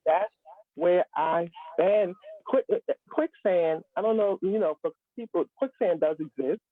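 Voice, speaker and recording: A woman's voice: on the low side, unhurried, no echo. A woman guest telling a personal story in an earnest, emphatic way, with humorous asides, on a live stream. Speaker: guest speaker. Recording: tinny phone-line sound.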